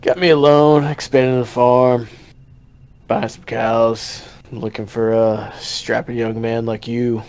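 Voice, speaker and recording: A man voicing an easygoing young rancher who talks in a relaxed, joking way. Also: mid-range voice, slow. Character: young male rancher hiring hands, easygoing.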